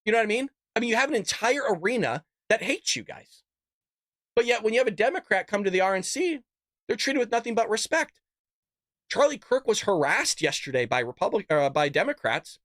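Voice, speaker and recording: A man's voice: very animated, fairly quick, dry recording, studio quality. A man hosting a live political commentary stream, ranting heatedly with profanity and mock voices. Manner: heated, profane ranting that swings loud and high. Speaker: political commentary show host.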